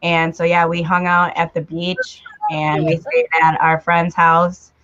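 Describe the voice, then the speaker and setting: A woman from the United States co-hosting a casual live stream, telling her story in a relaxed way. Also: on the low side, measured pace, dry recording. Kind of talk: casual chat. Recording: dull lo-fi remote audio.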